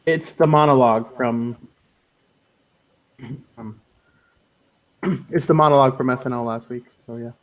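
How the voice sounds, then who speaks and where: A man's voice: mid-range voice, a little slow, long pauses. A man hosting a casual online radio chat, loose and laughing, often trailing off into mumbles. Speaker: podcast host.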